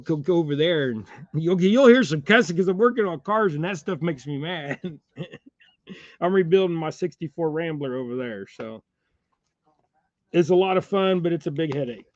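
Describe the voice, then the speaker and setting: A fishing-channel host on a livestream talks in a folksy, rambling way and chuckles between thoughts. His voice sits a little high for a man. The sound is dry and a bit muffled, with no room echo. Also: animated, normal speed, darkish tone. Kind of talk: casual livestream chat while tying jigs.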